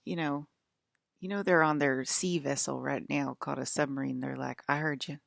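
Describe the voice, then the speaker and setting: A woman's voice: extremely low pitch, steady tone, moderate pace, gravelly, no echo, clean studio sound. A woman in a loose, rambling monologue. She laughs often and mocks the voices of people she quotes. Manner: loose, rambling, full of restarts.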